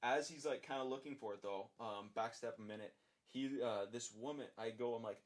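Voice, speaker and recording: Young adult male guest, casual storytelling, animated and profane, acts out dialogue. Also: medium pitch, moderate pace. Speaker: podcast guest.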